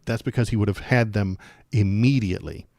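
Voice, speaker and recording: Low, sarcastic man hosting a livestream. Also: brisk, dark tone, no room sound. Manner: sarcastic, jokey, rambling. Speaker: political livestream host. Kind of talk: casual political commentary.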